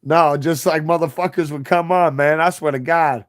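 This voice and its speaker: A man's voice: a little high, fairly even intonation, normal speed. A man in his thirties hosting a livestream, chatting casually and profanely with viewers in a rambling, playful way. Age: 30s. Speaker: livestream host.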